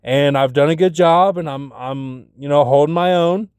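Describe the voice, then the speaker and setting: A man with a slightly raised pitch and a smooth, clear voice rambles through a personal monologue. He leans on fillers and restarts, and his voice climbs as he retells his arguments. The sound is dry and close. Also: normal speed, darkish tone, dry recording. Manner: retells arguments in an agitated, rising voice.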